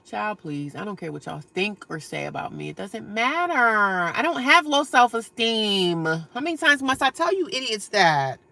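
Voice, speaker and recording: A woman chatting on a phone live stream from her car, reading comments out loud. She answers trolls bluntly and sarcastically in a bright, forward voice. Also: mid-range voice, lively intonation, moderate pace, gravelly, few pauses. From United States. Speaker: livestreamer reading viewer comments. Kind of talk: casual live-stream chat.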